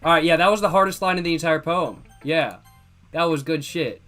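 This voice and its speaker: A man giving loud, joking, profane commentary as a gaming streamer playing a game. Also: fairly high pitch, brisk, soft background music. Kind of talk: casual let's-play commentary.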